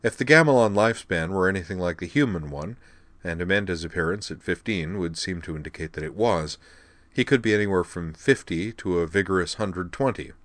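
A male audiobook narrator with a deep, low voice, reading in a steady, measured way. The recording is close and dry, with no room sound behind him. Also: dry recording. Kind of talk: scripted narration.

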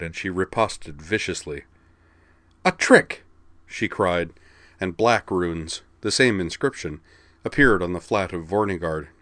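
A man narrating a fantasy story in a steady, even reading voice. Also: low voice, no echo.

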